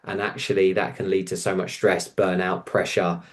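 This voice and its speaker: A man, speaking as a podcast guest and telling stories in an earnest, unhurried way. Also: deep voice, level tone. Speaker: guest, coach. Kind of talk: reflective conversation.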